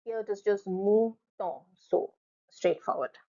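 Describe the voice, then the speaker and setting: A woman's voice: medium pitch, measured pace, dark tone. A woman teaching French from slides, repeating each word several times so learners can copy her pronunciation. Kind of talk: recorded slide lecture. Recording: dull lo-fi recording.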